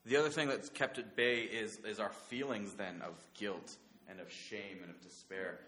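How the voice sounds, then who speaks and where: A man preaching a sermon, earnest and halting, often restarting his words and dropping softer when he voices God's promises. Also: on the low side. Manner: earnest, halting, many restarts, soft paraphrased quotes of God.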